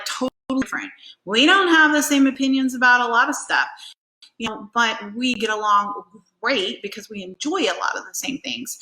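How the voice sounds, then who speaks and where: A woman with a fairly high, bright voice gives a casual motivational talk to camera as a life coach. She's chatty and animated, acting out little scenes and swearing casually. Her voice carries a noticeable echo in a room at home. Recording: echoey room.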